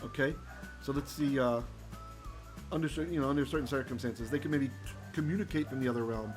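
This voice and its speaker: Animated rabbi teaching a Torah lesson. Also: male voice, mid-range voice, poor audio. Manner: animated teacher, checks in with "right?", chants Hebrew verses.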